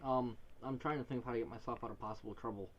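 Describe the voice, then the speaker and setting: A man co-hosting a casual podcast, chiming in with quick, teasing remarks. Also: medium pitch, fairly even intonation, dull audio. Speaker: podcast co-host.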